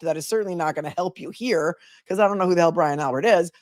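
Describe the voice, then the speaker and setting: Lady lawyer chatting on her stream, kinda low voice, dry close mic, rambly and animated. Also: quick pace, few pauses, dry recording. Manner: chatty, animated storytelling, reads chat aloud. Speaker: attorney and livestream host. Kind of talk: casual livestream chat.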